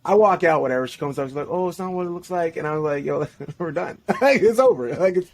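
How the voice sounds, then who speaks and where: Young male podcast guest, lively and slangy, laughs a lot, slightly high voice. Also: fast. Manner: animated, slangy, laughs often, restarts sentences. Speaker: podcast guest, relationship coach. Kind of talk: casual storytelling chat.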